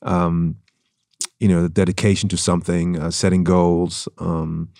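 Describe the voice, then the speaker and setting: A man from Germany with a slight German accent, a guest speaking in a reflective, measured way in a casual interview. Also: deep voice, little pitch movement, gravelly, a little mellow, dry recording. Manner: reflective, measured, with many restarts. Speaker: guest actor. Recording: dry studio sound.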